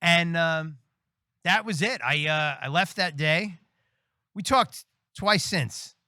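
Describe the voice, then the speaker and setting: A middle-aged man, a priest and military chaplain telling his life story in a casual interview, animated and often acting out the voices of others. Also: on the high side, slow pace, dry recording, studio quality.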